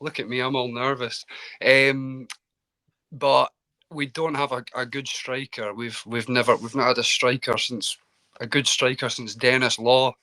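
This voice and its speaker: A Scottish man calls in to a live football stream for some casual football chat, chatty and self-deprecating and stumbling over his words. He speaks over a video call in a mid-range voice that is flat, a little slow, pushed, and bright.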